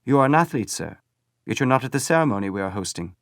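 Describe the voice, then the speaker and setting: A man's voice: medium pitch, expressive, fast, dry recording, clean studio sound, pitched above the performer's own voice, lightly acted. A man voicing a cheerful teenage boy in uniform with a thick German accent, eager and speaking broken English.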